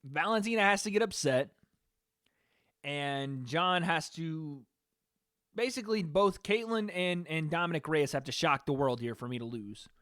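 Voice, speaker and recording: A man with a high voice hosts a live stream, giving casual, rambling reaction commentary. He talks loosely to his chat and swears now and then. The sound is dry and close. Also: normal speed, no echo. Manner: relaxed, rambling, profane, talking to chat.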